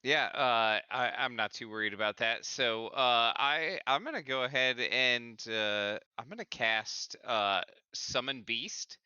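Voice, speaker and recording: A man talking as a player in a tabletop game, his voice very bright and smooth. He speaks slowly and hesitantly, stumbling and restarting with plenty of "um". The sound is dry and a little dull, like an online voice chat. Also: medium pitch, no echo. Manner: hesitant, stumbling over words with many "uh" and "um". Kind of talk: casual tabletop game talk.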